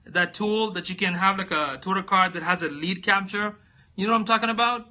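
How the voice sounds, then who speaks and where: A man's voice: high-pitched, brisk, sharp tone. A man hosting a casual live stream, rambling and thinking aloud as he searches, reading out viewer comments and answering them. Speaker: livestream host.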